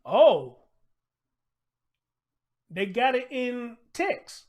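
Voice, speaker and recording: A man's voice: extremely high pitch, sing-song, very slow, darkish tone. A man hosting his own show, reading a crime story aloud and reacting in loose, emphatic, swearing casual talk.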